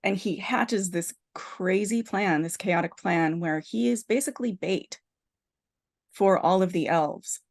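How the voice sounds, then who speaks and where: A woman podcast host in casual chat, retelling a film plot as an animated storyteller full of restarts. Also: mid-range voice, unhurried, creaky.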